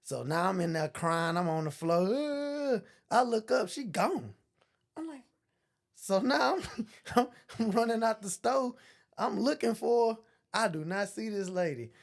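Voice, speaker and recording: A man's voice: sits high, animated, a little slow, gravelly. A man in casual conversation, telling a childhood story with lots of laughter.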